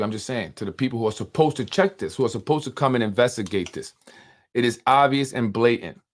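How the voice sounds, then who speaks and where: A man talks through local politics in loose, unscripted commentary. He presses his points hard, repeats himself and keeps asking rhetorical questions. His pitch sits in an ordinary middle range.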